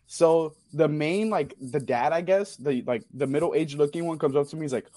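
A man's voice: on the high side, moderate pace, few pauses, a little mellow. Profane young man telling a wild story. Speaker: caller sharing a story. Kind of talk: casual storytelling.

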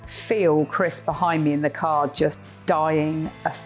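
An English woman co-hosting a podcast, telling an animated travel story. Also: deep voice, takes it slowly, faint music behind. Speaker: podcast co-host, horse trainer.

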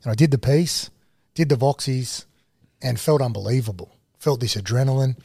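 A man's voice: mid-range voice, normal speed, creaky, breathy edge, dry recording, clean studio sound. Laid-back Australian man telling stories. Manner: animated, laid-back storyteller, slangy. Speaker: guest, TV host and former rugby league player. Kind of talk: casual storytelling interview.

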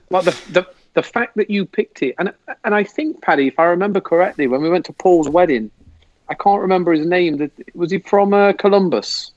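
A man's voice: high voice, moderate pace, no echo, highs cut off. A man with an English accent telling a rambling, laughing story as a podcast guest. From England. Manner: rambling, laughing, animated retelling. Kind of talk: casual storytelling. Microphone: video call.

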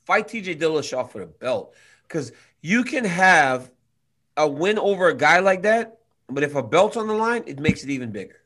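A man's voice: a little high, very animated, moderate pace, fairly bright tone. A man co-hosting a casual sports chat, emphatic in his opinions and playfully mocking himself and his co-host.

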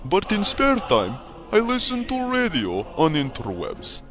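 A pompous Russian braggart in broken English, as a man puts him on for a radio promo. He talks slowly with a swooping, sing-song lilt, a touch high, over clear background music. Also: heavily acted. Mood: deadpan boastful. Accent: put-on Russian. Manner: deadpan, mock-pompous, broken grammar. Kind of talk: comedy promo skit. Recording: music bed behind voice.

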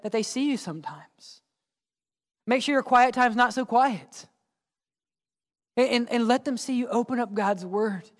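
A man preaching a sermon in a church, asking the congregation questions and answering them, sometimes dropping to a hushed low voice for emphasis. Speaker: pastor. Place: church sanctuary. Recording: long hall reverb.

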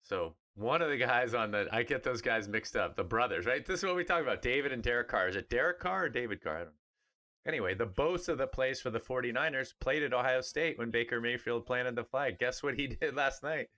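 A man's voice: mid-range voice, brisk. A middle-aged man, a former pro player, co-hosting a sports podcast in casual, emphatic chat. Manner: animated, emphatic, mimics others in funny voices.

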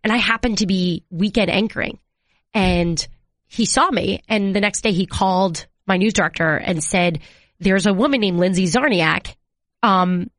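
A woman in her thirties, a TV sports anchor, telling stories in a casual interview and acting out quotes with jumps in pitch. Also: fairly bright tone, no echo, clean studio sound. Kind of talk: conversational storytelling.

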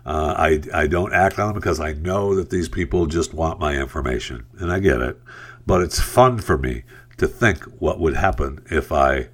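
A man's voice: extremely low pitch, normal speed. A man hosting a talk podcast, chatting casually and joking, with rambling asides. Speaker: podcast host. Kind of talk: casual talk show monologue.

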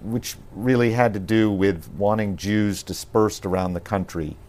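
A man being interviewed on a podcast, talking in a thoughtful, measured way with frequent pauses and restarts. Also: fairly low pitch, a little mellow.

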